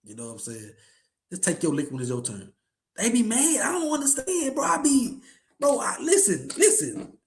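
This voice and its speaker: A man hosts a casual sports podcast, ranting in loose slang and circling back over his points. His voice sits high for a man and swings widely, rising and falling as he gets worked up. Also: moderate pace. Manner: animated, ranting, slangy, repeats himself. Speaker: podcast host.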